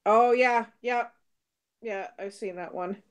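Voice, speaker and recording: Middle-aged woman co-host, bright high pitch, relaxed chatter and frequent laughs, no accent. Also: slow pace, clean tone. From Britain. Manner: chatty, laughs often, answers comments aloud. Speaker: co-host reading viewer comments. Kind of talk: casual live-stream chat.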